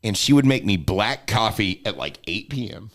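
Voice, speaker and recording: A man telling a funny family story as a podcast guest. He is animated, laughs often, and swears freely. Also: on the low side, moderate pace. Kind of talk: casual storytelling.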